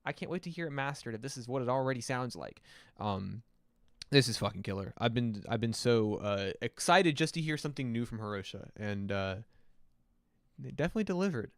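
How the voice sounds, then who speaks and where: Smooth-voiced man, rambling stream host. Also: medium pitch, animated, brisk, no room sound, studio quality. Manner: loose, rambling and profane, many fillers. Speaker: host reviewing music submissions. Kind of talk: casual livestream commentary.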